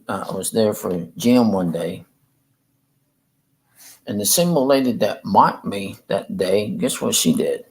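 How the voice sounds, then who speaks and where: Slow, halting man. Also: lowish voice, a little mellow, poor audio. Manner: halting, rambling, repeats himself. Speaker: livestreamer. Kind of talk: casual livestream chat. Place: room in a rehab facility.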